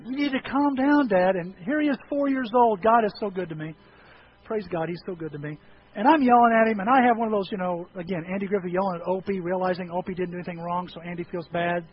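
A middle-aged male pastor preaching a sermon, telling stories and acting out voices, swinging from loud outbursts to hushed tones. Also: sits high, fast. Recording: dull lo-fi recording with faint noise.

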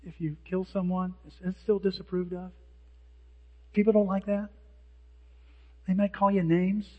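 A male pastor preaching a sermon in an animated way, acting out the lines of people who mock. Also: high-pitched, a little slow. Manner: animated, acts out hecklers' lines. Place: church sanctuary. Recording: dull sound with long hall reverb.

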